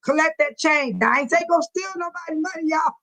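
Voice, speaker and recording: A woman's voice: high-pitched, fairly quick, fairly bright tone, rough recording. A woman hosting a live chat, reading viewer comments aloud and often breaking into laughter, speaking in a folksy, churchy way. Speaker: livestream host.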